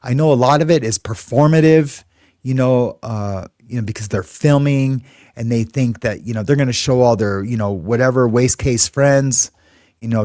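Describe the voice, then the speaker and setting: A man's voice: mid-range voice, normal speed, darkish tone, no echo. Give me a middle-aged male host chatting casually, rambling with lots of fillers, in a dry room. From California. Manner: rambling, conversational, many fillers. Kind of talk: casual commentary and storytelling.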